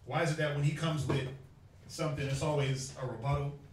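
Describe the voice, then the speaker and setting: Brisk and fairly even in intonation, a man with a voice on the high side preaches on the street, questioning his crowd call-and-response style as he teaches the Bible. Slight background noise, echoey room, mic at a distance.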